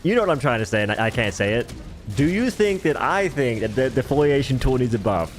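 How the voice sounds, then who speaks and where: Animated man chatting on a game stream. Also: medium pitch, brisk, a little hiss or hum. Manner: rambling, joking, reacts to chat. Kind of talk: casual live-stream chatter.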